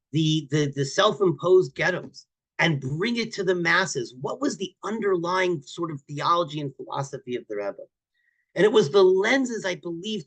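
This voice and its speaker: With a slightly high voice, a male rabbi teaches Torah through lively stories. He tends to repeat words and erupt into loud emphasis.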